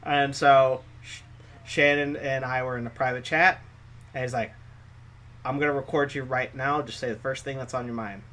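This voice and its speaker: A man co-hosting a casual podcast chat about online wrestling, animated and quick to jump in with asides. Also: medium pitch. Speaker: co-host.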